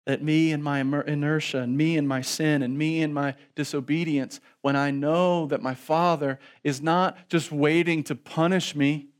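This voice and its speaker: Pastor, thirties, preaching; shifts from hushed pleading to loud emphatic calls, higher voice. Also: male voice, fairly even intonation, normal speed, hardly any pauses, smooth. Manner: asks the congregation to respond aloud. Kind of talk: sermon.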